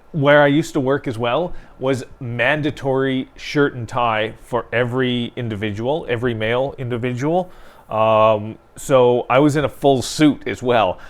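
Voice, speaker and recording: A man co-hosting a local newspaper talk show, telling stories in a chatty way and laughing often. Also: mid-range voice. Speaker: newspaper co-host. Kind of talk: casual chat.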